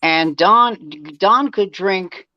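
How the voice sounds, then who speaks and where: A man's voice: high voice, very slow, no room sound, highs cut off. A man, a guest comedian, telling rambling anecdotes in casual chat, with frequent restarts and acted-out quotes.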